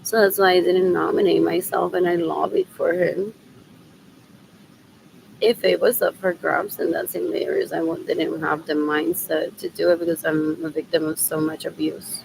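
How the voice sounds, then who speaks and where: A woman's voice: fairly low pitch, normal speed, vocal fry, noisy background. A woman rambling on her own in a loose solo stream, mixing in Spanish phrases and drifting between mumbling and whispering. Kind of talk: rambling solo livestream talk.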